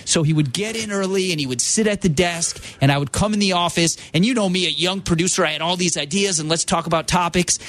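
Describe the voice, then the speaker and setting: A man who works as a radio producer, telling animated stories about a late friend on a sports talk show. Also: high voice, fast, few pauses. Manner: animated storyteller, quotes friends in their voices.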